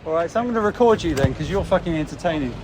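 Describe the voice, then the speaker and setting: A man hosting a podcast, interviewing someone in an excitable, casual way and swearing casually. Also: a little high, rapid-fire, crowd noise. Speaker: podcast host.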